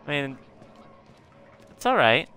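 Slow-talking young man streaming a game. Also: on the high side, very animated, bright, forceful tone, faint music behind. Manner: rambling, talks to his viewers, shrieks after a jump scare. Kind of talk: live gameplay commentary.

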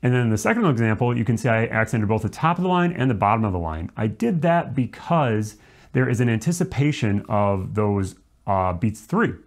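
A man's voice: lowish voice, sing-song, brisk. A man teaching a music lesson, explaining rules step by step and now and then singing short syllables to demonstrate. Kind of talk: instructional explanation.

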